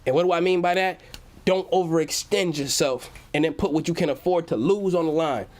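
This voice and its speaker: A hyped young man chats on a livestream from his home, talking in loose slang and reading chat messages aloud. His voice sits a touch high for a man. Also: a little fast, darkish tone. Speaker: livestream host.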